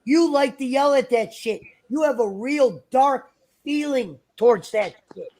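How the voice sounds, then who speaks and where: A man's voice: extremely high pitch, expressive, unhurried, a little mellow. A man chatting on a livestream in a rambling, argumentative, profane way. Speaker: stream guest. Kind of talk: casual livestream chat.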